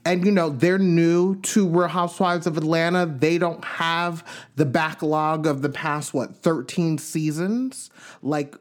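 A man hosting a podcast, chatting in an animated way about celebrity gossip and reading news aloud with his own asides. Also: on the high side, unhurried. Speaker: podcast host. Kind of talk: casual celebrity gossip commentary.

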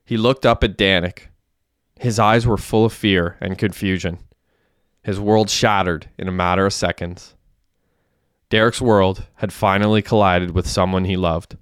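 Man reading a story, smooth and dry. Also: low-pitched, fairly even intonation, a little slow, dry recording. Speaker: narrator. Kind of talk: audiobook narration.

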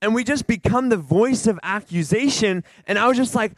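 An earnest man shares a testimony with a church gathering, animated and rambling, often restarting his sentences. His voice is high for a man. The sound is dry and close, with no room echo. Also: moderate pace. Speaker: church member giving a testimony. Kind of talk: informal sermon sharing.

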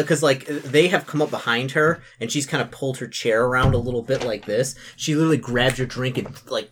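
A young man narrating as game master in a tabletop game, halting and full of fillers. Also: medium pitch, noisy background. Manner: halting, many fillers and restarts.

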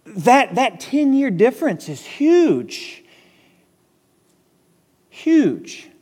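A man's voice: high voice, in a large hall. A male pastor preaching a sermon in an emphatic, conversational way.

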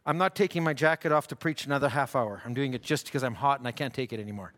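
A man preaching a fervent sermon in a church, stammering through restarts and rising into shouts. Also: mid-range voice, fast talker. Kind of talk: impassioned sermon. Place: church hall. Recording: long hall reverb.

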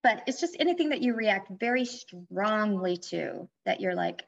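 A woman's voice: mid-range voice, animated, normal speed, creaky. A woman life coach in a casual podcast interview, speaking candidly and explaining with personal examples. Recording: dull lo-fi audio.

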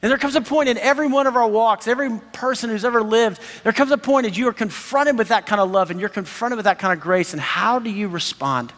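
A man in his thirties preaching a sermon as pastor, animated and enthusiastic, laughing often. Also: sits high, fast, hardly any pauses. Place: church sanctuary. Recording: long hall reverb.

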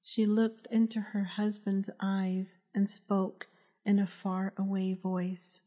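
Slow, mellow woman narrating an audiobook. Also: mid-range voice, flat delivery. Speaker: author reading her own audiobook.

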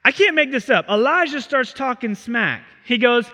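A male pastor preaching a sermon in a theatre, telling the story in an animated, casual way. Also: extremely high pitch, moderate pace. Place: theatre used as a church. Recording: reverberant theatre hall.

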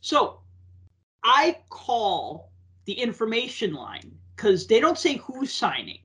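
A man's voice: very high-pitched, takes it slowly. Guy chatting on a podcast, tells stories with a lot of energy, does little voices for people. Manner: animated storyteller, acts out quoted voices. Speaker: podcast co-host and teacher. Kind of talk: casual chat, storytelling.

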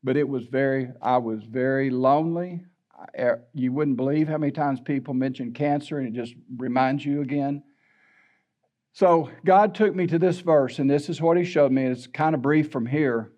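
A man's voice: mid-range voice, normal speed, dark tone, muffled recording. An older man, a pastor preaching a sermon in a folksy, candid storytelling way.

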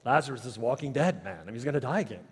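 A male pastor delivering a sermon in a church, moving from quiet asides to rising, emphatic preaching. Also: mid-range voice, animated, very fast, slightly rough. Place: church sanctuary. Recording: long reverb of a large hall.

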